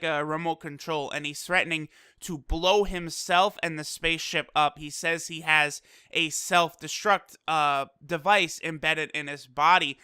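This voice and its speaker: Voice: mid-range voice, sharp tone, smooth, no room sound, studio quality. A casual anime episode reviewer recapping the plot, chatty and loose, swearing and laughing easily. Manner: loose, full of fillers like "you know".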